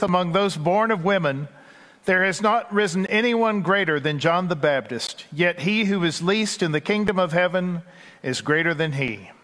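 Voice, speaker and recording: A man's voice: high voice, fairly bright tone. A man with a Texas accent preaching a sermon in a folksy, conversational way with asides. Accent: Texan. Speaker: pastor. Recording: long hall reverb.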